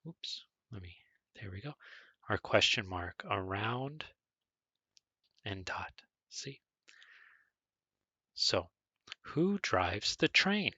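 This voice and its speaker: Over a screen recording, a male teacher walks beginners through English grammar, slowly and deliberately spelling out words and stressing how questions rise. His husky voice sits on the low side, bright and forceful, with no echo.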